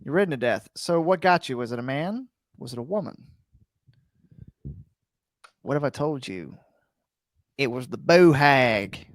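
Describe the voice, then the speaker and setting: A man's voice: mid-range voice, very animated, normal speed, long pauses, no room sound. Dry-voiced man telling a spooky tale. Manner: dramatic build-ups, fond of "you know". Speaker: podcast co-host. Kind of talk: casual storytelling chat.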